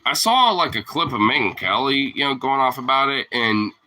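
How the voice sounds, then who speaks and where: A man's voice: medium pitch, expressive, normal speed, bright, forceful tone, rough recording. A man ranting casually as a vlogger, rambling and profane, often laughing at his own points. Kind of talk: casual rant to camera.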